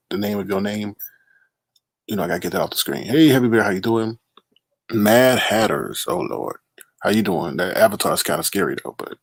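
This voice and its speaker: A man with a fairly low voice hosts a late-night live stream, loose and easygoing, teasing viewers as he greets them one by one. His voice sits close and dry on the mic, with no room sound behind it. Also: vocal fry, no room sound. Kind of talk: casual live-stream chat.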